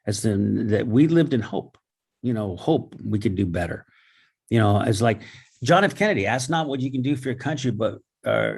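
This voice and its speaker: A man's voice: mid-range voice, darkish tone, slightly rough. A man talking earnestly in a casual, storytelling way, often repeating and stumbling over his words. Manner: earnest, repeats himself, stammers. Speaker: host and guest speaker. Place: Los Angeles area home. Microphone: video call.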